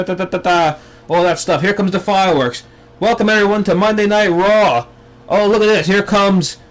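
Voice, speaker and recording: A young man with a rather high voice rants in an exasperated, sarcastic way. He hosts his own talk show and drops into mocking impressions. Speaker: vlog host. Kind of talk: ranting commentary.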